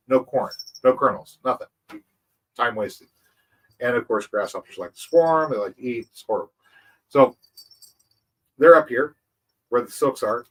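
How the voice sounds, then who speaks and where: Guy with a husky voice rambling about his farm, kinda far from the mic. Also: medium pitch, a bit bright. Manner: rambling, repeats words, chuckles. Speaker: agroforestry channel host. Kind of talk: casual farm explainer.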